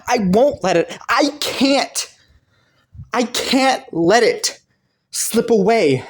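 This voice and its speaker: A man voicing Killua as a devoted young boyfriend in a romantic listener role-play audio, talking softly with many sighs and little laughs. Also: very high voice, lively intonation, slow pace, heavily acted. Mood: earnest. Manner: soft, sighing, breathy little laughs. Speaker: voice actor.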